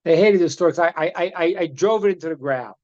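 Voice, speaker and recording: A man, a rabbi, giving a religious lesson and telling stories in an animated way on a video call. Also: fairly high pitch, quick pace, muffled recording. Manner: animated storyteller, repeats words. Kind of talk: religious lesson with a storytelling part. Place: online meeting.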